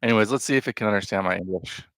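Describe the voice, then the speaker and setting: A man hosting a livestream, talking in a casual, rambling way with a deadpan, self-mocking manner. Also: fairly low pitch, very fast, no room sound. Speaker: livestream host.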